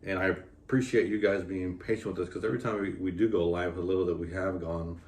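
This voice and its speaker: Deep-voiced man rambling in an echoey room. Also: steady tone, fast, darkish tone, far from the mic. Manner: rambling, heartfelt, many fillers. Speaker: vlogger, expecting father. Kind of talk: casual couple vlog talk. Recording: echoey room, voice from off the mic, faint room noise.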